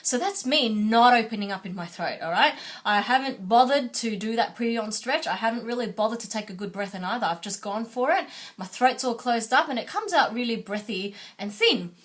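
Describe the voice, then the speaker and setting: A woman's voice: on the high side, animated, a little fast. A woman vocal coach teaching a singing lesson, patient and instructive, often checking in with "okay?".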